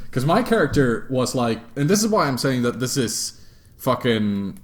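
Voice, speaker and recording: A young man tells a game story in a casual chat. His voice is lively and swoops up and down, and he laughs and swears freely. He sits at a mid pitch for a man. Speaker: host.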